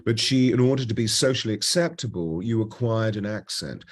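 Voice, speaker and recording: A husky, low-pitched man in his seventies speaks in a polished British Received Pronunciation accent. He is a voice coach telling stories as an interview guest. His delivery swings between animated bursts and slow, hushed phrasing. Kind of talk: reflective interview storytelling.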